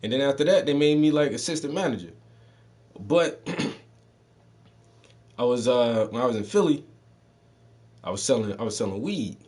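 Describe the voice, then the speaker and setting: A man's voice: medium pitch, animated, measured pace, pauses often, a little mellow. A man with a mixed Southern and Northern US accent, telling stories in loose, profane street slang and often laughing. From Southern United States. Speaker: podcast host telling stories. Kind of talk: casual storytelling.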